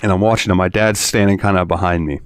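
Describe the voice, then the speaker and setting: A man co-hosting a podcast, telling a story in a loose, profane way. His voice sits low. The sound is dry and close, and he often breaks into laughter. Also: fairly even intonation, fast talker, smooth, no echo. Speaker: podcast host. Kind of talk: casual chat.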